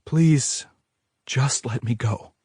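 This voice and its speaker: Audiobook heroine: young woman, high-strung and pleading, read by a man. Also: expressive, measured pace, no room sound, clean studio sound, lightly acted.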